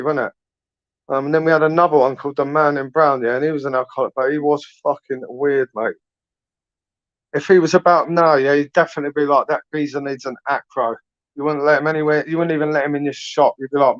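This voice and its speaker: A man telling rambling stories in casual chat, swearing freely and ending lines with tag questions like "innit". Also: on the high side. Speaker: podcast host. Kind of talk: casual storytelling monologue. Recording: muffled lo-fi audio.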